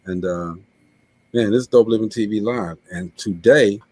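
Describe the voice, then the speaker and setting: A man's voice: on the low side, moderate pace, darkish tone, no room sound, rough recording. A male show host giving an earnest, preachy closing talk, stumbling and repeating words as he gets emotional. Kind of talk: heartfelt closing talk on a live web show.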